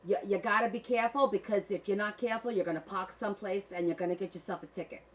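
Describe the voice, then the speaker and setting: A woman putting on a loud, emphatic Boston accent as she lectures about parking, during a crafting livestream. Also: mid-range voice, steady tone, quick pace, close to an everyday voice. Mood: bossy, emphatic. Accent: Boston (put on).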